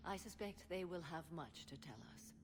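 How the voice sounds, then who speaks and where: An actress playing Samara, an ancient female alien Justicar who speaks in a calm, formal, measured way. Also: on the low side, noisy background, natural voice. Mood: grave. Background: game music.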